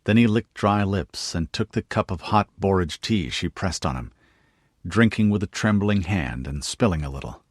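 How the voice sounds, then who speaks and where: An audiobook narrator with a low, husky voice reads a fantasy novel in steady, scripted narration at normal speed. The recording is dry and close.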